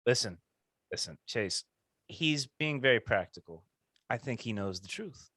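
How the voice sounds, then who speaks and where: Laid-back male podcast co-host, lively pitch. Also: measured pace, no room sound, clean studio sound. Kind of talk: casual chat.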